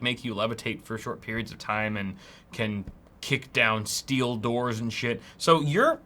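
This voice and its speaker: A young man co-hosting a live tech show, joking around, swearing freely and breaking into loud bursts. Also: medium pitch, a little hiss or hum. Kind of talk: casual live-stream chat.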